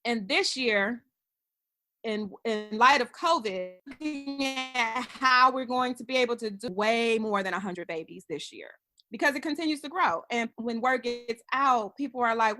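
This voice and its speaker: Bright, earnest woman telling a story. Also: fairly high pitch, expressive, unhurried, faint music behind. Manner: earnest, storytelling, many "you know" fillers. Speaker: guest, organizer of an infant-loss remembrance ceremony. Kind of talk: podcast interview.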